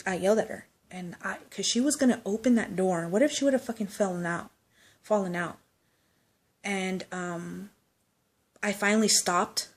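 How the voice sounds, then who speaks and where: Chatty woman telling a personal story. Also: lowish voice. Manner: chatty storytelling, swears, laughs, acts out quotes. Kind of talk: casual personal anecdote.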